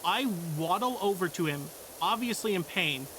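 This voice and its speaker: A man's voice: high-pitched, expressive, moderate pace, bright, forceful tone, a little hiss or hum. A young man streaming, telling a work story in a blunt, profane, exasperated way. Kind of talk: casual storytelling.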